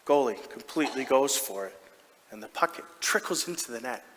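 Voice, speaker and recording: A man's voice: medium pitch, a little fast, slight background noise, close to an everyday voice. A man playing a proud, doting hockey dad in a comedic stage monologue, chatty and self-mocking. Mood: excited. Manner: chatty and self-mocking, with sudden excited outbursts. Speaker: stage actor. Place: large theatre stage. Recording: reverberant theatre hall.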